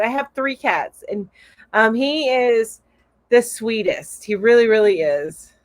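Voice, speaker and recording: Bubbly high-voiced woman live-streaming. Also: lively intonation, moderate pace, no echo. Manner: bubbly, giggly, coos at her cat. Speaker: live show host. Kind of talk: casual live-stream chat, reading comments.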